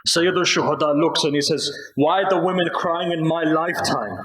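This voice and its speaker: Male preacher, high-pitched, slow grieving storyteller, recorded in a reverberant mosque hall. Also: fairly bright tone. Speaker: Muharram speaker at a mosque. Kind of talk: mournful sermon narration.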